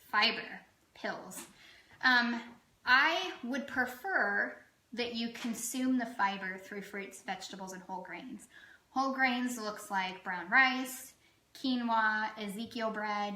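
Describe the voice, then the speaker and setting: A woman's voice: a little high, bright, forceful tone, roomy sound, low-quality recording. A woman health coach giving a casual educational talk to the camera, chatty and full of "um" fillers, with self-deprecating asides.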